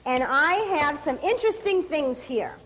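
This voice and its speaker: A middle-aged woman with a high voice that swings up and down as she jokes around on a cooking show. She teases her co-host with quick comebacks. The recording from the TV studio carries a steady hiss of noise. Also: low-quality recording. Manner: playful, teasing, quick comebacks. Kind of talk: comic banter while cooking. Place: TV studio kitchen with live audience.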